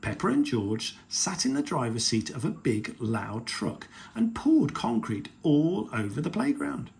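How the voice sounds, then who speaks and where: Man, storyteller, reading to kids, unhurried, very lively pitch. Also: vocal fry. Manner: slow, expressive. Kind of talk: picture-book read-aloud.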